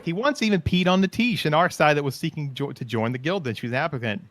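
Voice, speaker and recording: A man hosting a podcast, telling animated stories in casual chat and acting out quotes. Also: a little high, fast, no echo. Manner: animated, laughing, acts out quotes. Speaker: podcast host.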